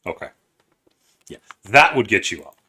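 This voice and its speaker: Bright-voiced man running a tabletop game. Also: lowish voice, big pitch swings, breathy edge. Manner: brisk, works out movement rules aloud. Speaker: game master.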